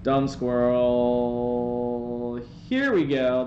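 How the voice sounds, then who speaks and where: A man streaming a game from home on a desk microphone, telling a rambling, animated anecdote with playful asides. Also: on the high side, moderate pace, lo-fi sound, soft background music. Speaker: live streamer. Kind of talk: casual storytelling while gaming on stream. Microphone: desk microphone, swapped in for the day. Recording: roomy sound with faint background noise.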